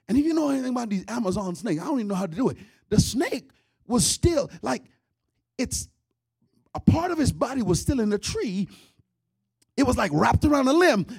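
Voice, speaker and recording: A man telling a comic story in an animated way, with loud outbursts. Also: high-pitched, gravelly, breathy edge, no room sound, clean studio sound. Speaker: comedian. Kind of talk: comedic storytelling.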